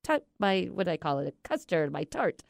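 A woman's voice: lowish voice, big pitch swings, a little fast, vocal fry, dry recording, studio quality. A woman voicing a fussy, passionate male French pastry chef in a put-on French accent. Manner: passionate, pleading.

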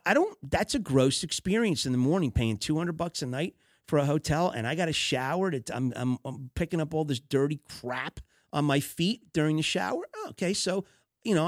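This podcast host offers business advice in a slightly high voice, recorded at studio quality with no room sound. Speaking conversationally with fillers and restarts, he sounds exasperated over poor customer service.

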